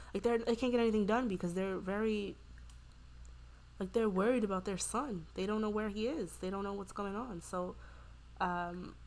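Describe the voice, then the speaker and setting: A woman casually narrating a life-sim game, rambling with lots of "like" and "you know" and voicing the characters' lines in quick asides. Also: fairly low pitch, slight background noise. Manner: voices the Sims' lines in quick quoted asides. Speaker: gameplay narrator. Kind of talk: casual let's-play storytelling.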